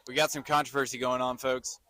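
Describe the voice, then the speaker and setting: A man's voice: mid-range voice, level tone, a little fast, sharp tone. A middle-aged man, a dad doing amateur play-by-play commentary of his son's youth baseball game in a chatty, self-joking announcer manner.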